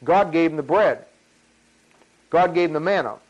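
A man preaching a sermon in an animated, folksy way, acting out voices of the people in his story. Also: on the high side, normal speed. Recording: dull lo-fi sound.

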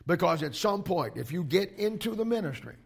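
A male pastor preaching to young ministry students, emphatic and animated, with frequent restarts. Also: sits high, fairly quick, vocal fry, husky.

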